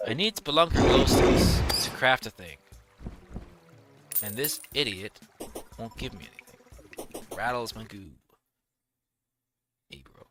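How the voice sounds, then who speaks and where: A man's voice: mid-range voice, lively intonation, slow, long pauses, over music. A young man rambling through casual gameplay commentary, telling stories animatedly and laughing as he goes. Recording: noisy home recording.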